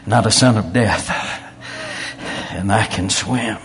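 A man's voice: lowish voice, takes it slowly. Folksy preacher man. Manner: folksy storytelling with quoted voices. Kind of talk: sermon.

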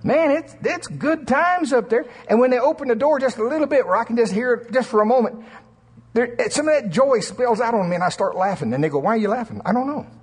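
A man preaching a sermon in church, telling stories in an animated way and often laughing. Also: extremely high pitch, brisk, slightly rough. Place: church sanctuary.

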